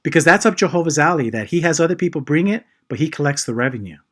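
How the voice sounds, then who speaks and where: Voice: mid-range voice, animated, fast talker. A host in a casual chat who makes emphatic points and keeps the conversation moving. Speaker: channel host.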